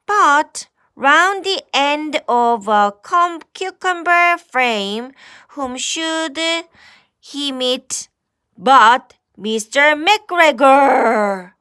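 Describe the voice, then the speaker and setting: A woman's voice: sits high, expressive, drawn-out words, pushed and bright, dry recording, clean studio sound. A woman with a Korean first language reading a picture book aloud to children as their English teacher, exclaiming and asking the listener questions.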